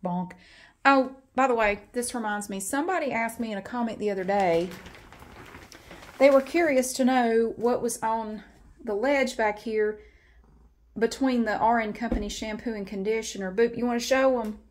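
A woman's voice: on the high side, moderate pace, slight background noise. A woman chatting casually in a home vlog, switching into sing-song baby talk when she speaks to her cats. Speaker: vlogger. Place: at home, in a bathroom.

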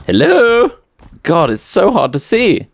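A man's voice: high-pitched, huge pitch swings, takes it slowly, creaky, no room sound, exaggerated voice. A man putting on the voice of a nearsighted man who has lost his glasses, fussy and prim. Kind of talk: playful put-on voice while gaming.

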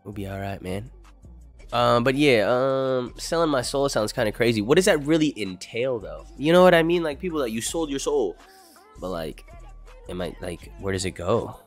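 A man's voice: mid-range voice, expressive, moderate pace, soft background music. A young man livestreaming, chatting casually with his viewers in a laid-back, rambling way and swearing a lot. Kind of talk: casual stream chat, answering chat.

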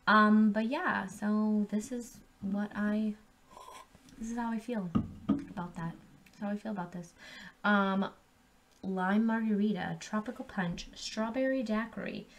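Slow-talking, foul-mouthed woman vlogger. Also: mid-range voice. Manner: laid-back, swears freely, rambling with many ums. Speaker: vlogger reviewing drinks. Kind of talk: casual profane vlog chat. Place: at home.

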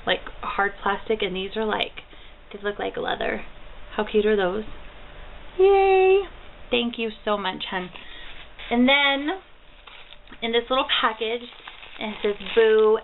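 With a gravelly, mid-range voice, a woman in her thirties gushes over a package of gifts in a home mail haul vlog, bubbly and easily delighted. The audio, from a built-in camera mic, is tinny and lo-fi with faint hiss.

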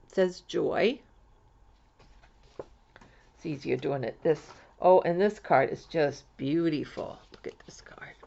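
A woman from Florida rambles through her crafting vlog, starting sentences over and trailing off. Her voice has a gravelly edge. The home recording sounds dull and lo-fi. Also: lowish voice. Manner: rambling, chatty, many restarts. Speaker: crafting vlogger. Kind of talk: casual chatty vlog.

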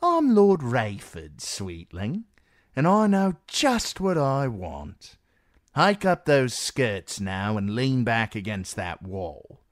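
A man's voice: medium pitch, big pitch swings, takes it slowly, no room sound, clean studio sound, voice pushed up. A man playing a smug, leering young guard. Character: young handsome lecherous male guardsman, cocky.

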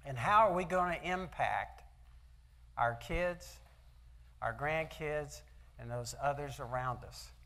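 A man's voice: a little high, slow, long pauses, sharp tone. An older man giving a motivational talk at an event, telling folksy personal stories and asking the audience rhetorical questions. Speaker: speaker at an event. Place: event hall.

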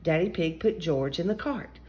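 A woman reading a children's picture book aloud as a story-time host, animated and expressive. Her voice sits a little low yet swings widely up and down. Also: moderate pace, slight background noise.

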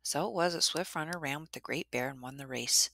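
A woman telling a traditional story in a measured, dramatic narration. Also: deep voice, creaky, a bit bright.

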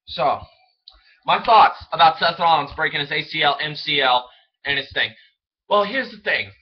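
An excitable young man rambles through his thoughts in a fairly high voice, tripping over words as he goes. The sound is dull and lo-fi, like a cheap home recording. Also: normal speed, breathy edge. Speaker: wrestling fan vlogger. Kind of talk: casual solo commentary.

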